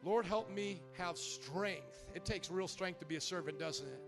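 Man preaching in church, high voice, passionate sermon, near tears, music underneath. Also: measured pace. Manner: impassioned preaching, rising into loud prayer. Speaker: pastor.

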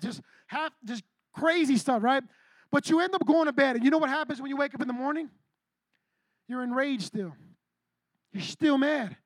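A man with a strikingly high voice preaches to a youth group in a loose, slangy way. He asks the kids questions and calls on them by name. The sound is dry, with almost no room echo. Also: fairly bright tone. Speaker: youth pastor. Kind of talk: casual sermon to youth.

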